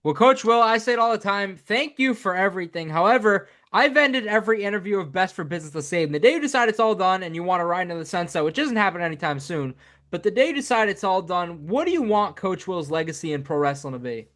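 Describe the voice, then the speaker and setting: High quick-talking male interview host. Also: animated, a bit bright. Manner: brief affirmations, quick questions. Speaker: podcast host. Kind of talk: interview questions.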